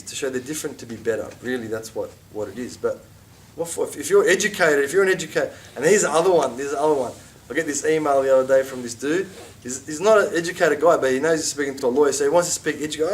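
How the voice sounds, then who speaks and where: A man in middle age leads a relaxed religious class with a slightly high voice. He talks in a lively, conversational way, full of asides and acted-out quotes. His voice sits a little back from the mic. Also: recorded from a distance, slight background noise. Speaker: religious teacher. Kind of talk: informal class lecture.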